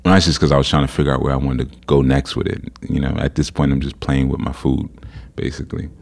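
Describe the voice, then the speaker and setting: A man hosting a podcast, telling a story in a casual, animated way, incredulous and laughing at times. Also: a bass voice, fast talker, creaky. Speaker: podcast host.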